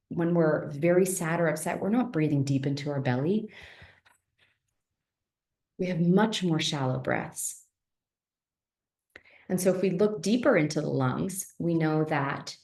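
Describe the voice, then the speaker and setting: A woman's voice: fairly low pitch, dark tone. A woman teaching an online health class in a conversational way, often asking rhetorical questions and checking in with "right?". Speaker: naturopathic teacher. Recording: roomy echo.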